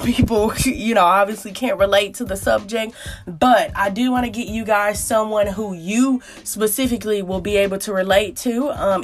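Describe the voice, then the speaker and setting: A woman hosting her own podcast, with playful, chatty talk and story time aimed straight at her listeners. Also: medium pitch. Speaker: podcast host. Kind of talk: casual chat and story time.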